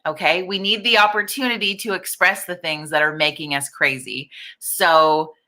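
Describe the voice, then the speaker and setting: A woman's voice: on the low side, steady tone, moderate pace, bright, forceful tone. A middle-aged woman hosting a casual live-stream chat, talking candidly, swearing freely and greeting viewers by name. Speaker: livestream host.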